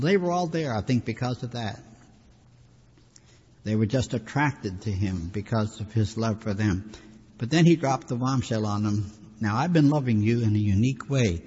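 A man's voice: mid-range voice, darkish tone, husky. A man preaching a sermon in a conversational, folksy teaching manner with friendly asides. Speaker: pastor. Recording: dull lo-fi recording with long hall reverb.

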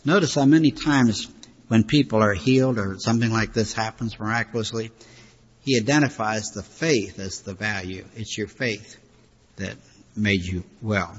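Older man, pastor, folksy sermon, husky voice, dull lo-fi recording. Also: on the low side, normal speed. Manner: conversational, folksy preaching with frequent asides. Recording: hall reverb, dull lo-fi sound.

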